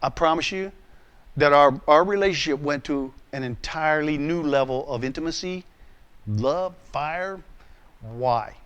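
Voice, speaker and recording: A man's voice: on the high side, measured pace, a bit bright, clean tone, dull audio. A male pastor preaching a sermon, telling a personal story with acted voices and frequent restarts.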